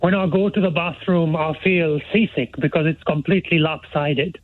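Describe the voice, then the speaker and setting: A man calling in to a radio phone-in, talking in a hushed, rambling way with lots of fillers and restarts. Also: a little high, fairly even intonation, normal speed, no echo. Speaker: caller. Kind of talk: phone-in chat. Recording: tinny phone line.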